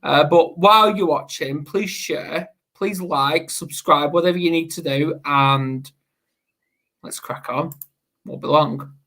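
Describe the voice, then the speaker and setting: A man's voice: a little high, slow pace, pushed and bright. A man hosting a casual livestream talk show, rambling with fillers as he introduces segments. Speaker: host.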